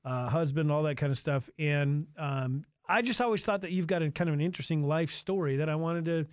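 A man hosting a radio talk show, chatting with a studio guest in a halting, filler-heavy way. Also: a little high, clean tone, dry recording. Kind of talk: casual radio interview. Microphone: studio microphone.

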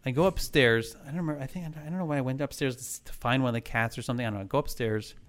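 A man's voice: medium pitch, rapid-fire, fairly bright tone. A man in casual chat, telling a ghost story in a rambling way, full of fillers and restarts.

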